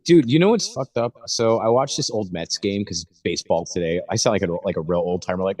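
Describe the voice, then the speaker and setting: A man's voice: fairly low pitch, big pitch swings, fairly quick, a little mellow, breathy edge, far from the mic. A young man on a podcast, riffing jokes and laughing as he chats with a friend. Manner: joking, riffing, laughs a lot. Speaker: podcast co-host. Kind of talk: casual chat.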